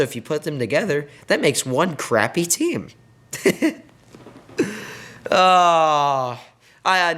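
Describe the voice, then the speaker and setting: A man's voice: medium pitch, fairly bright tone. A young man hosting his own sports video, rambling with many fillers through a frustrated post-game rant. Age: young adult. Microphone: headset.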